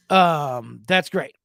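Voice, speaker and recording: A man's voice: fairly high pitch, vocal fry, a bit bright, no room sound, studio quality. A man hosting a sports betting podcast in loose, profane, rambling casual chat.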